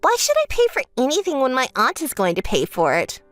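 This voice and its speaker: A woman's voice: wildly swooping pitch, a little fast, dry recording, faint music behind. A woman voicing a spoiled, self-centered young bride who bosses her sister around, in a texting-story voice-over. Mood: smug. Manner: whiny, bossy, shrill when angry.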